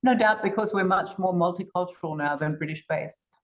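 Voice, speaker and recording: A woman's voice: lowish voice, fairly quick, rough recording. An older woman with an Australian accent, a guest telling stories in a podcast interview in an assured way. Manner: assured, storytelling, occasional restarts.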